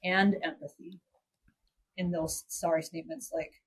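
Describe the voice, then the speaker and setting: A woman co-hosting an interview, replying in a soft, affirming way with small hesitations. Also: fairly low pitch, fairly even intonation, unhurried, a little hiss or hum, poor audio.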